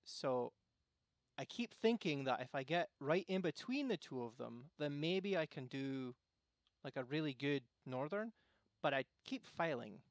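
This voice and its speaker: A man from Arizona, chatting casually and musing out loud while playing a game on stream. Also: on the high side, lively intonation, measured pace, no room sound, studio quality. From Arizona, USA. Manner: rambling, musing, self-interrupting. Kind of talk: casual gameplay commentary.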